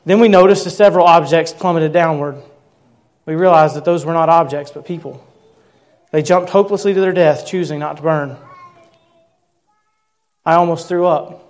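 Earnest male preacher, higher-pitched voice. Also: fairly even intonation, darkish tone. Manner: earnest storytelling, slowing for emphasis. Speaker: pastor. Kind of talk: sermon.

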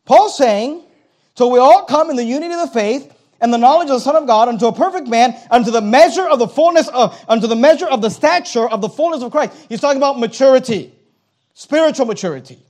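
Middle-aged male pastor, very high voice, emphatic sermon delivery with hushed asides. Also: lively intonation, fast. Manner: emphatic preaching with sudden drops to a hush.

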